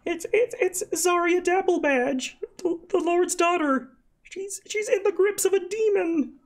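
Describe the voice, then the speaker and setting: A game master voicing a small, exhausted male gnome who sobs and stammers in a high, wailing voice. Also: a little slow. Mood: sobbing.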